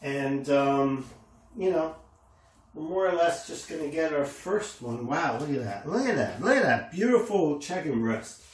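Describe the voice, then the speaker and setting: A man's voice: a little high, big pitch swings, unhurried. A man casually demonstrating a recipe in a kitchen, enthusiastic and exclaiming over the food as he works. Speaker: home cooking host. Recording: echoey room, faint noise.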